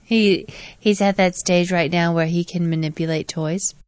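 A woman co-hosts a casual podcast, chatting playfully and telling stories about her little boy. Her voice sits a little low for a woman. The sound is close and dry. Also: steady tone, moderate pace, a little mellow, clear, resonant tone, no room sound. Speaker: podcast co-host. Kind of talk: casual chat.

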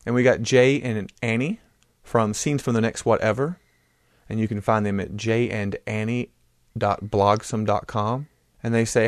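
An American man co-hosts a laid-back podcast, joking around as he reads listener messages and tripping over place names. His voice sits fairly low with fairly even intonation at a moderate pace. The recording is clean studio sound with no room echo.

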